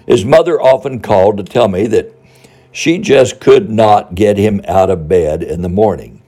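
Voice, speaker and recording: Older male storyteller, dark husky voice, folksy ex-principal, chuckles through anecdotes. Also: on the low side. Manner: warm anecdotal delivery, chuckling asides. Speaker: former school principal.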